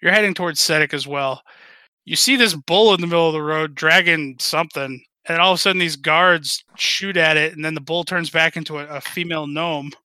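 A man running a tabletop game as game master, narrating with halting restarts. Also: a little high, bright, forceful tone, smooth, dry recording, low-quality recording.

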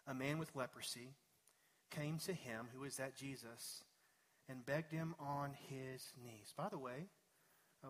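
Male pastor, fairly high voice, casual sermon delivery that swells to emphatic peaks. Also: fairly bright tone. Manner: conversational preaching, building to emphatic peaks.

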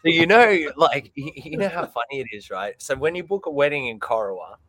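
A man with an Australian accent, chatting loudly over whisky, laughing and swearing freely. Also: a little high, expressive, a little fast. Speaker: whisky guest. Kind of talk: casual chat over drinks.

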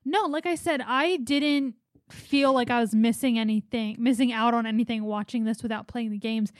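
Female co-host, easygoing casual talk, a bit high-pitched, dry mic. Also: moderate pace, dry recording. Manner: relaxed, agreeable, lots of short affirmations. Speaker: movie reviewer co-host. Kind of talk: casual chat.

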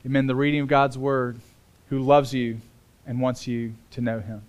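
A middle-aged man, a pastor, preaching a sermon in an earnest, emphatic way, slowing down to stress key words. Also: medium pitch, flat delivery.

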